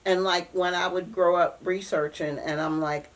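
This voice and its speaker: A woman in her fifties from West Virginia recalls her past in an oral history interview, telling it in a lively way and acting out what people said. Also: fairly low pitch, moderate pace, low-quality recording. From Jefferson County, West Virginia. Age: 50s. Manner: animated storyteller, acts out quoted voices.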